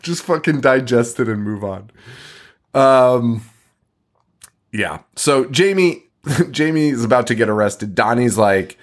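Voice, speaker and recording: A man's voice: mid-range voice, very animated, a little slow. A man hosting a podcast, recapping a movie in a casual, profane style, laughing often. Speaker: podcast host.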